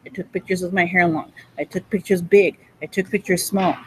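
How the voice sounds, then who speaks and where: A woman in a cafe giving a rambling, profane monologue that jumps between topics and breaks into high bursts of laughter. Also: fairly even intonation, brisk, fairly bright tone, a little hiss or hum, low-quality recording.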